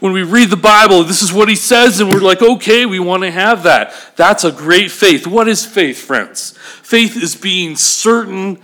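Male pastor, animated sermon delivery, slightly high voice, asks the congregation questions. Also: unhurried.

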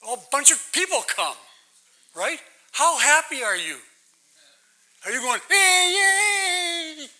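Man, pastor, interactive sermon, high voice, very bright sound, keeps asking the room questions. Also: big pitch swings, a little slow, poor audio. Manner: conversational, keeps asking "right?". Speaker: pastor leading a Bible study.

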